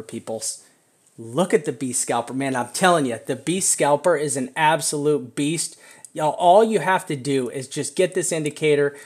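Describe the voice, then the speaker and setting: A middle-aged man with a slightly high voice hosts a live stream and talks viewers through trading charts. He rambles, gets excited and laughs often. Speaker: crypto chart analyst host.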